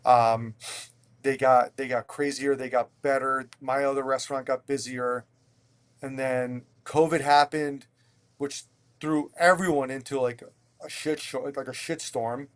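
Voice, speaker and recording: A man from Pennsylvania, a restaurant owner and podcast guest, telling his story in a candid, animated way, swearing freely and often stumbling over and repeating words. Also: medium pitch, measured pace.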